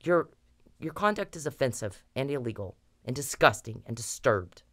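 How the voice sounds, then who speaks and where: Brief: low-pitched woman, furious profane vlog rant, blunt and scolding. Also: very animated, normal speed, a bit bright. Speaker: vlogger. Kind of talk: angry direct-to-camera rant.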